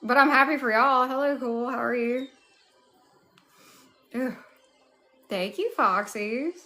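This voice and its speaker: Slow-talking Southern woman livestreaming. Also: on the high side, soft background music. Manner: warm greetings to chat, drawling. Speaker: livestream host. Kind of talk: casual live chat.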